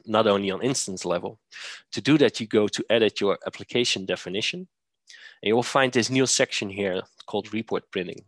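A man presenting a software demo, walking through steps methodically with occasional fillers. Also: on the low side, no room sound. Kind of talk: screen-share software demo.

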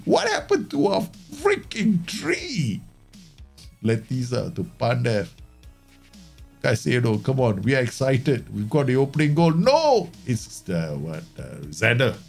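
A man streaming a football management game, chatting casually and joking, swearing now and then, and breaking into loud mock match commentary. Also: on the low side, husky. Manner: excitable, jokey, swears, bursts into mock match-commentator shouts.

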